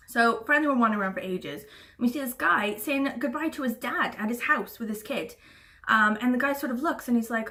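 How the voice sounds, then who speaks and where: Bright-voiced chatty woman. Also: a little high, a little fast, far from the mic. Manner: chatty, swears casually, lots of fillers. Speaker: booktuber. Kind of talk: casual storytelling.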